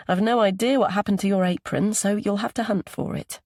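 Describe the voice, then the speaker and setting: A woman's voice: mid-range voice, fairly even intonation, a little fast, a little mellow, dry recording, clean studio sound. A woman narrating a psychological thriller audiobook, giving each character its own voice.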